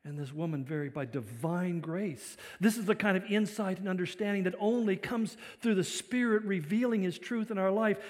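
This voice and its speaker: A man's voice: sits high, normal speed, hardly any pauses. Man preaching in a reverberant hall. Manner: dynamic preaching, swinging between loud emphasis and quiet reflection. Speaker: pastor. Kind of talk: sermon. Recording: long reverb of a large hall.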